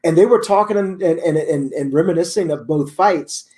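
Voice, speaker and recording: A man's voice: on the high side, moderate pace, darkish tone. A man co-hosting a casual chat, laughing often and repeating words as he tells a story.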